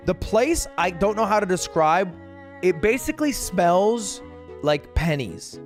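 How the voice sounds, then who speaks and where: A man, a streamer, telling a story in an exasperated, profane way, casual and animated. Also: sits high, a little slow, faint music behind. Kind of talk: casual comedic storytelling rant.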